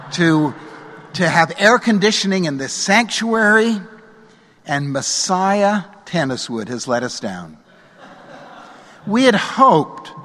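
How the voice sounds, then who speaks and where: A middle-aged man preaching a sermon from a church pulpit, measured and earnest, letting his phrase endings fall softly. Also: a little high. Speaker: pastor. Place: church sanctuary. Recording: long church reverb.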